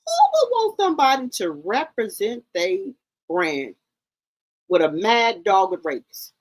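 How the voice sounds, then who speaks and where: A woman's voice: mid-range voice, very animated, measured pace, low-quality recording. A woman hosting a commentary channel, reacting to a clip in a scolding, exasperated, mocking way.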